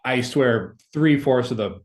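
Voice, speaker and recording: A man's voice: medium pitch, unhurried. A man in his thirties telling a story in casual conversation as a podcast guest, rambling with many fillers.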